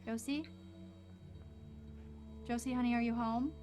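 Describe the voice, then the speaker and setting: A frightened mother frets and rambles, her voice pitched up and kept soft and hushed, as a woman puts her on. She keeps apologizing and tripping over her words. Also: fairly even intonation, measured pace, faint music behind, natural voice. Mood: worried. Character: anxious tearful mother of a teen girl.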